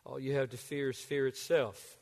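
An older man preaching a sermon as a pastor. He swings from loud, urgent bursts down to hushed near-whispers. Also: mid-range voice, fairly even intonation, normal speed. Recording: long hall reverb.

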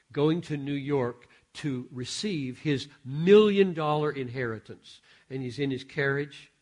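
A man preaching from a stage microphone in a large sanctuary. His voice sits at an ordinary male pitch. He moves between quiet, confiding asides and sudden loud, emphatic bursts. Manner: dynamic, swings from hushed asides to loud emphatic exclamations. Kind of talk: sermon.

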